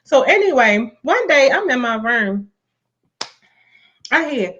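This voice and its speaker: A woman's voice: on the high side, moderate pace, slightly rough. A woman hosting a casual podcast, chatting in slangy speech and acting out quotes as she tells stories. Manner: animated storyteller, slangy, acts out quotes. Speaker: podcast host. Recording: dull lo-fi sound.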